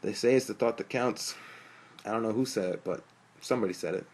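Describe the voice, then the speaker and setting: A man's voice: fairly low pitch, fairly quick, darkish tone, breathy edge. A man voicing a young male college student who talks casually and jokes with friends. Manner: casual, joking. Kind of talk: audiobook narration.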